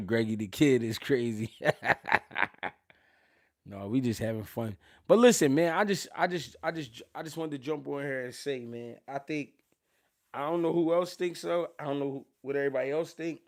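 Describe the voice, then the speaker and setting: Brief: Philly-male host, gravelly low-key voice, slangy live-stream banter, dry close mic. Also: moderate pace, no room sound. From Philadelphia. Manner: slangy, laughing, swings from loud to mumbled. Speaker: boxing channel host. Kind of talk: casual live-stream chat.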